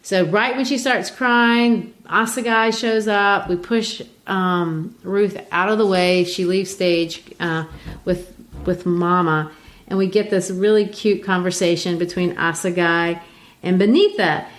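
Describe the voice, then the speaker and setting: A woman's voice: on the low side, steady tone, unhurried. A woman from Brazil hosting a podcast, explaining a play in a chatty, casual way with frequent restarts. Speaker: podcast host. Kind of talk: casual literature discussion.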